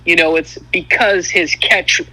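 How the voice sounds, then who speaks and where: Bright-voiced earnest podcast guest. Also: male voice, a little high, steady tone, a little slow, poor audio. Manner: earnest, explanatory. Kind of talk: casual chat.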